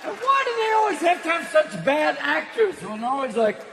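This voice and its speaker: A manic male stand-up comic whose voice sits unusually high and leaps all over the place. He fires off bits and snaps into quick mimicry, recorded in a noisy live venue. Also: big pitch swings, vocal fry, bright, forceful tone, a faint crowd. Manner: manic, rapid-fire, mimicking. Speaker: comedian.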